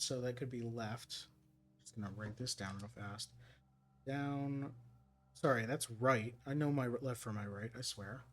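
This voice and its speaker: A man streaming a puzzle game, thinking aloud and reading clues as he works them out. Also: medium pitch.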